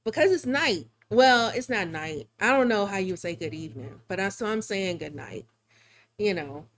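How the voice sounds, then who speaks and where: A woman's voice: mid-range voice, lively intonation, normal speed. A woman streaming live while drawing, chatting casually in a rambling, chatty way with frequent laughs. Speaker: live-streaming digital artist.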